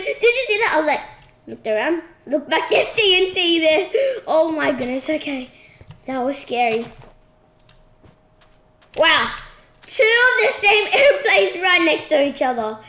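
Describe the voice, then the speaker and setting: Excitable high-voiced woman gamer. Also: measured pace, long pauses. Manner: excitable, shrieks and squeals at surprises. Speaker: gaming channel host. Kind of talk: casual gameplay commentary. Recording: echoey room with clear noise.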